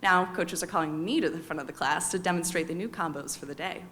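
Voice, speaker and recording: American woman in her 30s doing a live personal story, wry and confessional, gets animated when she quotes people. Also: on the low side, fast talker. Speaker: storyteller on stage.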